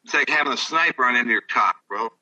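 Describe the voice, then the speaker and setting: A man's voice: medium pitch, expressive, rapid-fire, pushed and bright, far from the mic, highs cut off. An older man, a former ballplayer, telling rambling, profane stories in casual chat. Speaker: guest, former baseball player. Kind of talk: casual storytelling.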